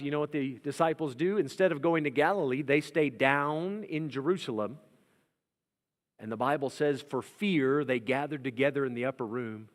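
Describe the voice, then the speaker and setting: A male pastor preaching a sermon with dramatic delivery, acting out quoted voices and swinging from loud to hushed. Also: mid-range voice, in a large hall. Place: church sanctuary.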